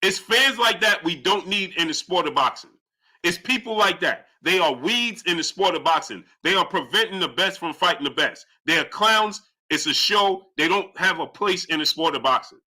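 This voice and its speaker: A young adult man hosting a live boxing stream, arguing heatedly with chat and climbing in pitch as he gets indignant. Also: sharp tone. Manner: heated, argumentative, rising pitch when indignant. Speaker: boxing channel host.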